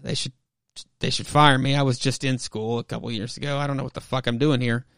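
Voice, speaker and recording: A man's voice: medium pitch, flat delivery, brisk, a bit bright, smooth, dry recording, studio quality, natural voice. A man voicing a young, exhausted male school principal who swears and rambles. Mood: frazzled.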